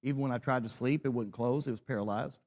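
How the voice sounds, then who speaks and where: A man in his sixties leads a church class, his voice pitched in the middle range. He talks in a storytelling way and pokes fun at himself as he goes. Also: fast talker, darkish tone. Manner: storytelling with self-deprecating humor. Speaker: preacher.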